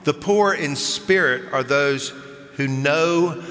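Male pastor, bright clear voice, storytelling sermon, long church reverb. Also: on the high side, takes it slowly, soft background music. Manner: warm storytelling with chuckles, then earnest preaching. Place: large church sanctuary.

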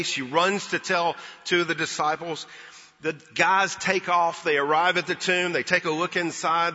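A man preaching in a church, his voice very bright and forceful, a touch higher than most. He tells the story earnestly and leans on pauses. The recording is dull and lo-fi, with a long hall reverb. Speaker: pastor. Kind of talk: Easter sermon. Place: church sanctuary.

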